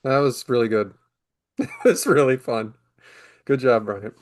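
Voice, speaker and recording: A man's voice: medium pitch, a little slow, dry recording, clean studio sound. A man co-hosting a podcast, laughing and making mocking remarks in casual chat. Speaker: podcast co-host.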